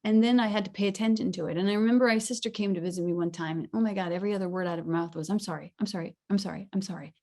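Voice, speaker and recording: A middle-aged woman giving a conversational, animated sermon, often acting out the voices she quotes. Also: mid-range voice, rapid-fire, few pauses. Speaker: minister.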